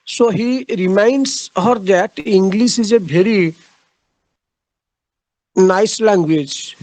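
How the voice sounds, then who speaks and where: A man giving a literature lecture, halting, with frequent fillers and repeated phrases. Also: sits high, a little mellow, no echo, poor audio.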